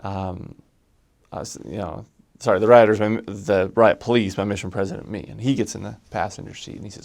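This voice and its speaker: A man telling a personal story from his missionary days, lively and halting, with frequent restarts. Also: on the low side, creaky.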